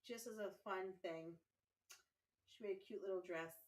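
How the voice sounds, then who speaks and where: A woman's voice: medium pitch, normal speed. Tired, chatty woman streaming a game. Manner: chatty, affectionate with viewers. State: tired, yawning. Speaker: livestream gaming host. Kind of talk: casual livestream chat.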